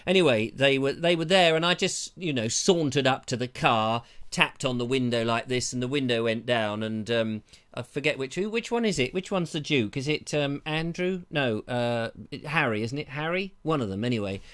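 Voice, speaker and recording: A man's voice: mid-range voice, lively intonation, moderate pace, fairly bright tone, smooth. A man hosting a live show, chatting casually in a rambling, jokey way and often interrupting himself, on a lavalier mic. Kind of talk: casual live-stream chat.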